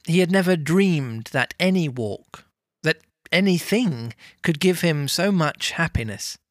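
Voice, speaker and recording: A man reading a novel aloud with lively, amused storytelling. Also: on the high side, measured pace, dry recording, studio quality. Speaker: reader.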